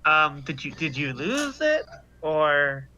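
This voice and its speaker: A man's voice: a little high, sing-song, takes it slowly, bright, forceful tone, highs cut off, a little hiss or hum. A man playing a tabletop game, speaking in character in a hesitant, stammering way. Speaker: player.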